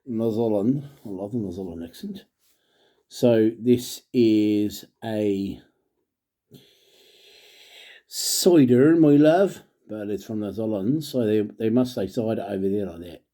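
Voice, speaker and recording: A middle-aged man talks casually as he reviews drinks, rambling through jokey asides and muttered half-sentences. His voice sits fairly low, with a mellow, dark tone and a husky edge. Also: normal speed. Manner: mutters and trails off. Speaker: father. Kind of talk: casual chat to camera.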